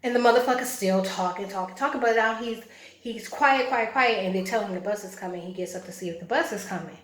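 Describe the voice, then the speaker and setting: A woman's voice: mid-range voice, fast. A woman vlogging a story in a blunt, profane, agitated way. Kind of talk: casual storytelling. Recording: echoey room.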